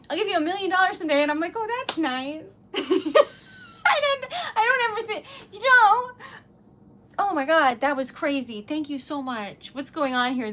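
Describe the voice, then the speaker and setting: Flustered, teary high-voiced woman streamer. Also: fairly bright tone. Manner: flustered, laughing through tears, stammering; breathless gushing thanks. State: tearful and giggly. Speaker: livestreamer. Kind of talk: casual livestream chat.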